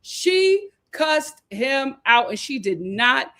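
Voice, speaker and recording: A woman's voice: high-pitched, sing-song, slow pace, pushed and bright. A woman in her thirties recapping a reality show in casual chat, laughing and acting out the cast members' lines. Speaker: host of a reality show review stream.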